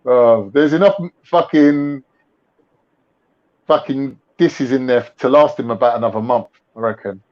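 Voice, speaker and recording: A man's voice: medium pitch, a little slow. A young man with a London accent hosting a casual livestream chat, full of mocking slangy banter. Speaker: livestream host. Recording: lo-fi livestream audio.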